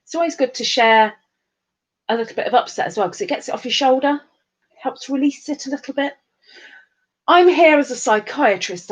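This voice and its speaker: A woman's voice: sits high, animated, moderate pace, pauses often, a bit bright. A tired woman hosting a casual live stream, chatting bubbly and greeting viewers by name with big upward swoops.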